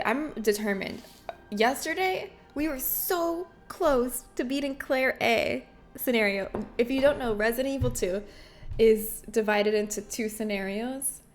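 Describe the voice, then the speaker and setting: Woman streamer, slightly high voice, playful and giggly, casual chat. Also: normal speed, faint music behind. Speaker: game streamer. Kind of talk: casual livestream chat with viewers.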